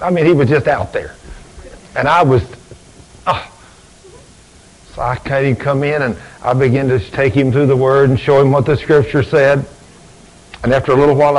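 Man, preacher, folksy storyteller, fairly high voice, radio broadcast sermon. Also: poor audio. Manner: folksy, acts out both sides of conversations. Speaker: preacher and deacon.

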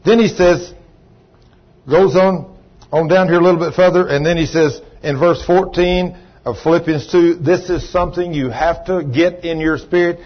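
Folksy preacher with a husky voice. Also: male voice, a little high, fairly even intonation, normal speed, muffled recording. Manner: folksy, calls on congregation members by name. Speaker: pastor. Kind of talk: sermon. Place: church.

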